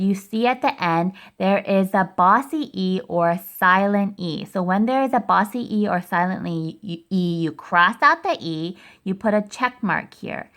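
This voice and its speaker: A woman's voice: medium pitch, creaky, sharp tone. A woman teaching a recorded phonics lesson to first graders, explaining spelling rules step by step in a patient way.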